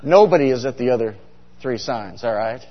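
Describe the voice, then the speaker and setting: At a moderate pace, a middle-aged pastor with a mid-range, expressive voice preaches a humorous sermon filled with stories. Chatty throughout, he regularly turns questions to the congregation. The recording is dull and echoes with long hall reverb.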